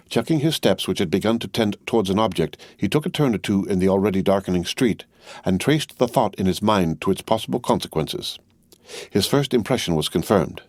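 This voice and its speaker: Deep-voiced man reading an audiobook. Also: expressive, a little fast, no room sound. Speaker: audiobook narrator. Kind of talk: scripted narration.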